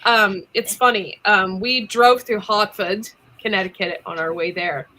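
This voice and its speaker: A woman chatting casually on a livestream, laughing often and filling pauses with ums. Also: mid-range voice, fairly even intonation, pushed and bright. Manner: giggly, chatty, lots of ums. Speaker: livestream co-host.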